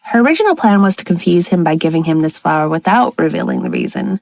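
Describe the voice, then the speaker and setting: Woman narrating a romance audiobook, low-voiced. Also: animated, quick pace, gravelly, a little mellow, no echo, rough recording. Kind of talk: scripted narration.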